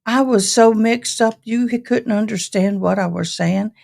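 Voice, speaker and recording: Slow folksy Southern woman host. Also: medium pitch, creaky, darkish tone. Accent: mixed East Tennessee and Texas Southern. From Tennessee, raised in Texas. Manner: chatty, folksy, greets viewers by name. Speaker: livestream host. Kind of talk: casual live-stream chat.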